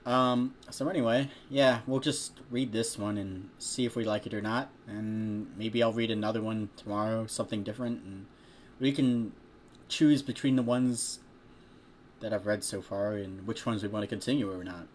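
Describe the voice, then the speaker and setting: A man's voice: on the low side, fairly even intonation, normal speed, slight background noise. A man casually reading a fan story aloud, chatty and stopping now and then to joke about the text. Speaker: fanfiction reader.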